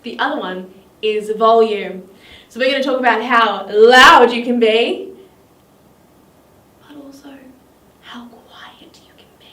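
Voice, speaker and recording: A woman's voice: fairly high pitch, fairly bright tone. A woman with an Australian accent leading a children's drama lesson in an encouraging, sing-song teacher voice. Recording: echoey room, mic at a distance, faint noise.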